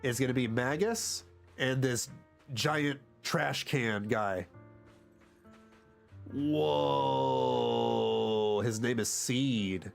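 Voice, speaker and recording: A sick male game streamer, reading game dialogue aloud and reacting in an animated way. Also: medium pitch, very slow, creaky, soft background music. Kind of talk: livestream gameplay commentary and dialogue reading.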